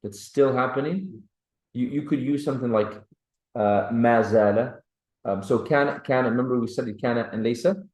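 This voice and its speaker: A man's voice: mid-range voice, a little fast, a little mellow, reverberant, poor audio. A man teaching a classroom grammar lesson, who keeps checking that his students follow. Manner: patient, checks understanding with "right?" and "clear?". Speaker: Arabic teacher.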